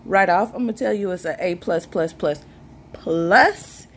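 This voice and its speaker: A woman in her twenties, a vlogger, chats casually to camera, joking with her viewers and sipping a drink as she talks. Her voice is lowish and measured in pace, with a little hiss or hum on the recording.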